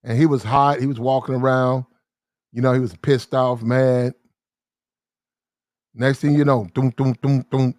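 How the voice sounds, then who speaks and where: A man's voice: mid-range voice, flat delivery, no room sound, clean studio sound. Slangy man telling a rambling story. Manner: rambling, repetitive, slangy street talk; quick shifts into acted-out shouting arguments. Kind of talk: casual storytelling monologue.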